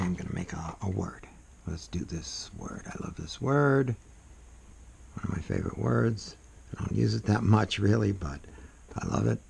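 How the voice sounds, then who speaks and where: A soft-spoken man demonstrating calligraphy in a casual, rambling way, often trailing off into murmurs as he writes. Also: sits low, gravelly, slightly rough. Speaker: calligraphy instructor. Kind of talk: casual demonstration while writing.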